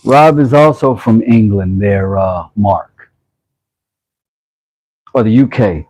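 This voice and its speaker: A man's voice: on the low side, animated, takes it slowly, a little mellow, low-quality recording. A man hosting a casual woodworking livestream, rambling and self-mocking as he reads chat messages aloud.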